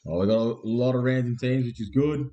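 Swearing Australian man, mellow voice. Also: mid-range voice, fairly quick, slight background noise. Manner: crude, heavy swearing, laddish teasing. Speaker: card break host. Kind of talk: live-streamed card break banter.

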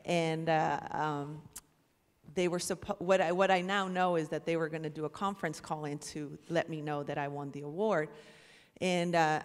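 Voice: mid-range voice, moderate pace. An airman sits on an award panel on stage and tells a funny personal story, slipping into the voices of others along the way. Each line rings out with the long reverb of a large hall. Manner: lively storytelling with acted-out quotes. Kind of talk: humorous personal anecdote. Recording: reverberant auditorium.

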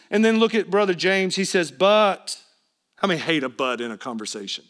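A male pastor preaching a sermon, telling the story with lively energy and acting out the people in it. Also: high-pitched, moderate pace. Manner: animated storytelling preacher, acts out quoted voices.

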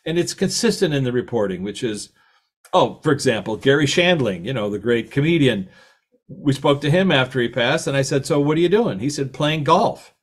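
A middle-aged man with a lively, anecdotal way of talking, telling stories in a talk and acting out the quoted voices. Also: mid-range voice, husky. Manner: animated, anecdotal, laughs at his own stories, acts out quotes. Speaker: author and podcast host giving a talk. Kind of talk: storytelling talk.

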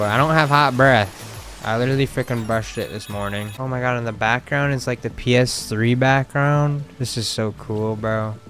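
A young man streaming a video game, reacting with slangy, excitable commentary and sudden loud outbursts. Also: a little high. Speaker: gaming streamer. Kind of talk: let's play commentary.

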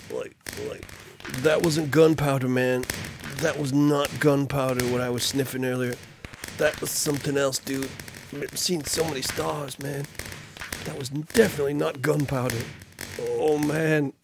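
A man's voice: mid-range voice, steady tone, unhurried, creaky, noisy background. Man doing a spaced-out American stoner Guy Fawkes. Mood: dazed. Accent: American, put on. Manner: drawling, spaced-out, says dude and man.

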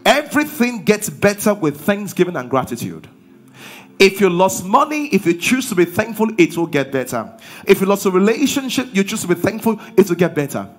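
Man, pastor, sermon, call-and-response, somewhat high voice, husky. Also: big pitch swings, a little fast. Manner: preaching with rhetorical questions and call-and-response.

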